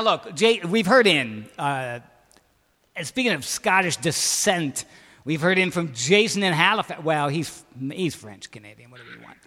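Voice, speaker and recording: A man's voice: fairly high pitch, bright, forceful tone, in a large hall. A man hosting a radio music show, talking loosely and rambling with hip slang. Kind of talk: casual radio banter.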